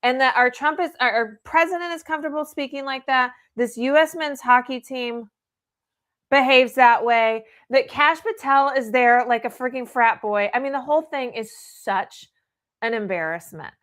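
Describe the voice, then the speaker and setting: A woman's voice: sits high, moderate pace, a bit bright. A woman hosting a legal show, giving casual, candid news commentary with laughing asides and lots of fillers. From United States. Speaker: immigration law show host. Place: home or office studio in Austin.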